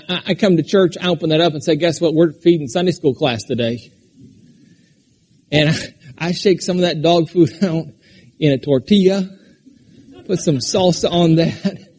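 Husky, high-voiced preaching man. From Alaska. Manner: preaching with sudden shouts and drops to a quiet conversational tone. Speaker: pastor. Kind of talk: sermon.

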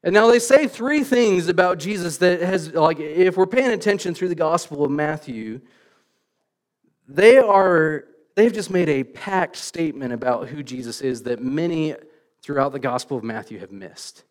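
Man, middle-aged, pastor, sermon, higher pitch, stumbling restarts, humorous anecdotes. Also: moderate pace. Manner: animated storytelling, self-deprecating, many restarts. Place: church.

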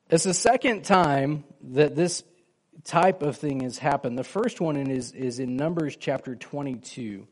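A man preaching a sermon in a relaxed, conversational way, with a voice that sits a bit higher than most men's. He keeps checking in with his listeners and acts out the lines of the people in his story. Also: normal speed. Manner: conversational, asks the congregation questions, acts out quoted lines. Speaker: pastor.

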